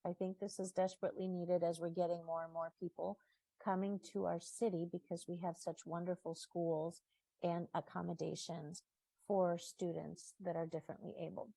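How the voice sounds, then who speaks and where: A woman's voice: fairly low pitch, flat delivery, normal speed, gravelly, warm tone, no echo. A woman giving an earnest, heartfelt public comment at a city council meeting.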